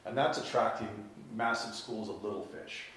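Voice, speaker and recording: Man, storytelling, animated, laughs along, heavy room echo, set back from the mic. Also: fairly low pitch, normal speed. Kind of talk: personal storytelling. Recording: echoey room from far off.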